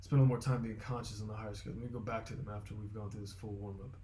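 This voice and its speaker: A man talking through his vocal warm-up routine, explaining step by step and thinking aloud with fillers. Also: lowish voice, steady tone, rapid-fire, a little hiss or hum. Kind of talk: casual instructional vlog.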